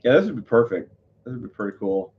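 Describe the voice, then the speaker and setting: A man's voice: mid-range voice, very animated, quick pace, phone-quality sound. A man chatting casually on a live stream, rambling, full of fillers and self-corrections. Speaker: livestreamer.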